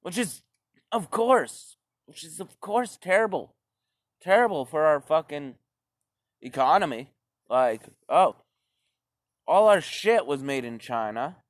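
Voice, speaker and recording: A man's voice: on the high side, expressive, slow pace, long pauses, dry recording, studio quality. A man delivering a profane, sarcastic stand-up rant, rambling and swearing often. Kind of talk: profane ranting stand-up monologue.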